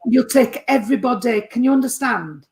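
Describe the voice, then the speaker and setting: A woman with a fairly high voice and noticeable vocal fry gives a sitter a chatty mediumship reading at a moderate pace. Warm endearments like darling and sweetheart come up often, as does her question of whether the sitter understands.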